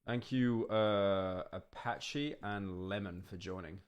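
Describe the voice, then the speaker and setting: A man's voice: fairly low pitch, slow pace, smooth. A man streaming, riffing on a video with loose, sarcastic live reaction commentary.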